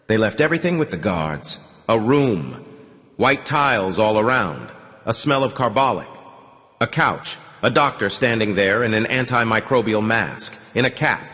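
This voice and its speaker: A man reading an audiobook aloud in an expressive storytelling way. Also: lowish voice. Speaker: audiobook narrator. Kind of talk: scripted narration. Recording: long hall reverb.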